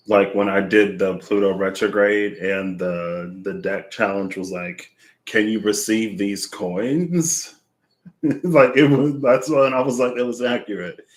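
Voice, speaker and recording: Slow and low-voiced, a man rambles through a tarot reading as he thinks aloud, his speech peppered with fillers. He's out of breath, and the talk is a casual, reflective monologue.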